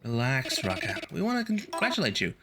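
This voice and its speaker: A booming, gloating office boss from a video game, put on by a man. The voice is hearty and pleased with itself, and its pitch swings around freely. It stays at a medium pitch. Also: wildly swooping pitch, fairly quick, background noise. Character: loud boastful older male boss.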